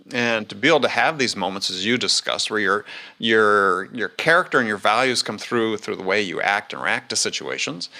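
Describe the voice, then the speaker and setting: A man's voice: mid-range voice, sharp tone. A man hosting a sales podcast, talking emphatically in a conversational interview and often repeating words as he starts a point. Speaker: podcast host.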